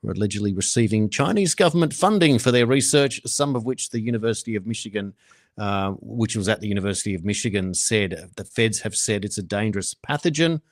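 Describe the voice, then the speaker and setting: A man from Australia hosting a radio show, reading out news stories in a steady, measured way and commenting briefly. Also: fairly low pitch, no echo, studio quality. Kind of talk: reading and discussing news headlines.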